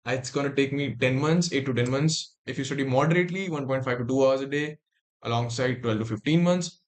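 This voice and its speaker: A man's voice: mid-range voice, brisk. A young man with an Indian English accent on a casual livestream, reading text aloud and breaking off into muttered asides and restarts.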